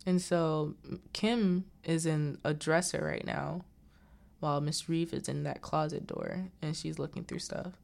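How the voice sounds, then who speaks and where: Low-pitched, gravelly woman recapping a movie. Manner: animated, acts out the characters' lines in quick voices; chatty asides and digressions.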